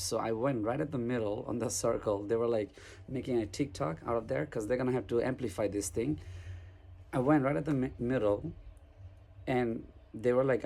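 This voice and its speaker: A man's voice: medium pitch, creaky, darkish tone, husky. A man who works as a street photographer tells a long story to the camera in a casual rant, rambling and often repeating and restarting himself.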